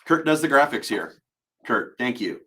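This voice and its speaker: With slight background noise behind him, a voice actor chats jokily on a live stream as he signs autographs, teasing himself along the way. His mid-range, somewhat bright voice is very animated and moves at normal speed.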